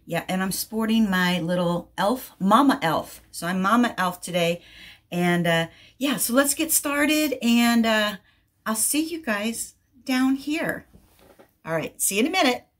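A chatty woman with a medium-pitched voice, talking casually as a crafting vlogger. She gushes as she goes, full of excited little exclamations. Her tone is relaxed and conversational. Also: unhurried. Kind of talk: casual unboxing chat.

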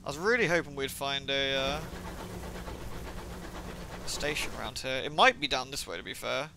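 A man's voice: medium pitch, expressive, moderate pace, creaky, noisy background. A man live-streaming a game, muttering casual commentary, swearing at setbacks and reading the game's text aloud. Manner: muttering, swears when things go wrong.

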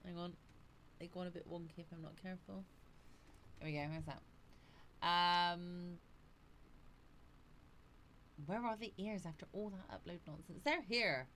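A woman with a slightly low voice, chatting breezily on a casual livestream. She greets viewers by name and laughs easily. A faint hum of noise sits behind her voice. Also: a little slow, pauses often, a bit bright. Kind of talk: casual live chat reading out viewer comments.

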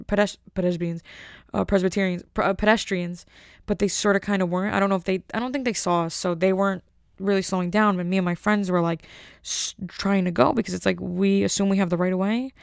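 Rambling, gravelly-voiced woman podcaster. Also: mid-range voice, no echo, clean studio sound. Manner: rambling, jokey, lots of fillers and tangents. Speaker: podcast host. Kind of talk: casual solo podcast chat.

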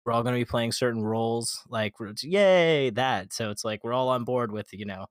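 Man, podcast guest, casual storytelling, animated, swears a lot, mid pitch, dry sound. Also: normal speed, dry recording.

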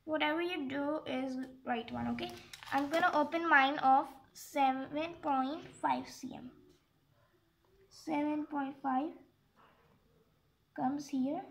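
A woman's voice: sits high, fairly even intonation, slow pace, gravelly, pauses often, a bit bright. A woman explaining a geometry exercise step by step in a casual, rambling way, often stopping to correct herself and apologize. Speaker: math tutorial maker.

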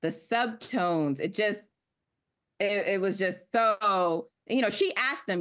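A woman co-hosting a sports talk show, speaking in an animated, halting way with lots of fillers. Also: fairly low pitch. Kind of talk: studio discussion.

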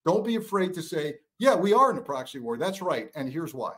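Middle-aged guy, pretty high voice, hammering his points hard, repeats himself for emphasis. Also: big pitch swings, brisk. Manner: emphatic, forceful, repeats words for stress. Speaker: guest, former counterintelligence official. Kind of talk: political talk show commentary.

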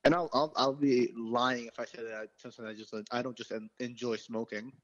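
A man's voice: mid-range voice, steady tone, brisk, lo-fi sound. A young man chatting casually on a podcast, rambling and full of "like". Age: young adult. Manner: rambling, lots of filler "like". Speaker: podcast co-host, host's son. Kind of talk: casual chat.

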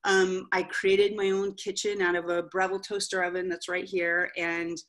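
Candid, lively middle-aged woman speaker. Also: on the low side, normal speed. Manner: candid, animated storytelling with frequent "right?" asides. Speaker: author and coach, guest speaker. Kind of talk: motivational talk to an audience.

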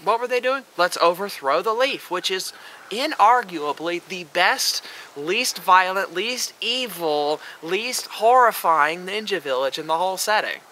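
A man's voice: sits high, expressive, measured pace, sharp tone, slight background noise, rough recording. Sarcastic, profane man ranting sharply. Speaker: vlogger. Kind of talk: ranting commentary.

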